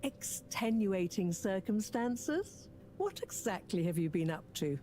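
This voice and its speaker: Prim fussy professor lady from a game, very proper diction, lively pitch. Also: unhurried, a little hiss or hum. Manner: precise, proper diction, fond of proverbs. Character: prim, wordy older woman professor, motherly. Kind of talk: video game dialogue.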